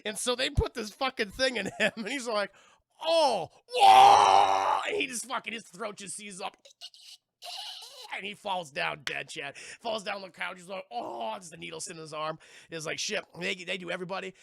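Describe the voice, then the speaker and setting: A man streaming live, excitedly recapping a TV episode for his chat, profane and acting out the characters' lines. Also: high voice, fairly quick, gravelly, no room sound, studio quality. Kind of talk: animated live-stream recap with acted-out quotes.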